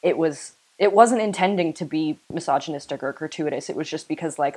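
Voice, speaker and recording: A young woman with a notably low voice, talking in a loose, rambling way. She co-hosts a casual podcast, and her sentences are strung together with lots of "like.". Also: fairly quick, few pauses, a little mellow, breathy edge, rough recording. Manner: chatty, filler-heavy, uses "like" a lot. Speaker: podcast co-host. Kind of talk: casual chat.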